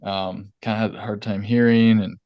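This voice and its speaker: Low-voiced man hosting a podcast. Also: fairly even intonation, no room sound, dull audio. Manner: earnest, agreeable, quick affirmations. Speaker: podcast host, oral surgeon. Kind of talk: conversational podcast interview.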